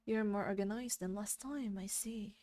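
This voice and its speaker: A woman's voice: medium pitch, moderate pace, a little mellow, no room sound, close to an everyday voice. A woman voicing a grumbling, world-weary old man while reading a visual novel aloud. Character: grumbling old man in a dim cluttered den.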